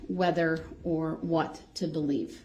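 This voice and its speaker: A woman's voice: low-pitched, fairly even intonation, slow pace, darkish tone. A woman judge giving orderly, formal instructions in court. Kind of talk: courtroom proceedings. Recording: echoey courtroom livestream audio.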